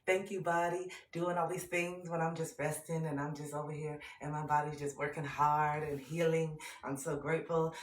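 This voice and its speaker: Low-pitched woman in her 30s on a livestream, reflective, spiritual, echoey room. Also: normal speed, few pauses, slight background noise. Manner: reflective, spiritual, breaks into laughter and excited chanting. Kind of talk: casual livestream talk. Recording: roomy echo.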